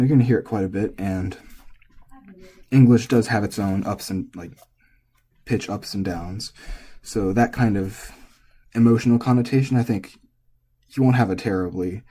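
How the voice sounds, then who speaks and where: A man teaching pitch in a relaxed, casual lesson, thinking aloud as he goes. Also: breathy edge. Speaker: language teacher.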